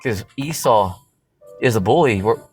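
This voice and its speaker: A man's voice: on the low side, expressive, measured pace, soft background music. A man preaching from the Bible in a loose, casual way, full of fillers and profanity. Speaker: street preacher.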